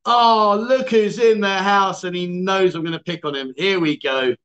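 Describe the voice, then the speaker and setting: A man's voice: sits high, normal speed, fairly bright tone, lo-fi sound. Man, livestream host, jokey, teasing, reads out comments. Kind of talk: casual livestream chat.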